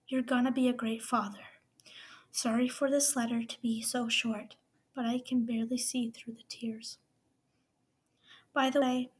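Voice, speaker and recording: Woman reading as heartbroken young man, hushed. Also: fairly high pitch, breathy edge. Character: heartbroken young man writing a farewell letter.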